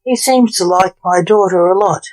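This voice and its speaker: A woman's voice: medium pitch, normal speed, a little mellow, lightly acted, poor audio. A woman reading as a suspicious old lord. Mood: probing. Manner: probing, questioning. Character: stern suspicious aristocratic father, a lord.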